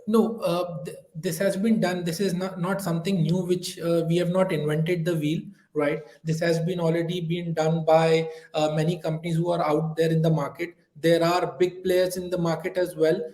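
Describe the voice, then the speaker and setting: A man's voice: on the high side, little pitch movement, moderate pace, few pauses, darkish tone, reverberant, poor audio. A man who is a sales rep, speaking hesitantly with many fillers during a webinar role-play call.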